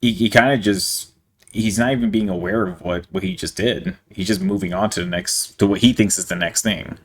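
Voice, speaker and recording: A man's voice: fairly low pitch, lively intonation, brisk, husky. A young man in casual reaction commentary, reading messages aloud, amused, laughing often and stumbling over words.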